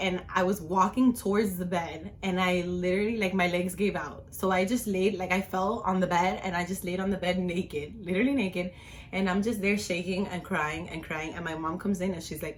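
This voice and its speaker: A young woman vlogger casually telling a personal story, chatty and animated, with lots of "like". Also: lowish voice, fairly quick, a little hiss or hum.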